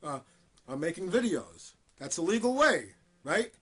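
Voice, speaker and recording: A man's voice: sits high, big pitch swings, unhurried, fairly bright tone, slightly rough. A man in his fifties from the United States, speaking to camera in an earnest, emphatic, repetitive way. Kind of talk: scripted-sounding monologue to camera.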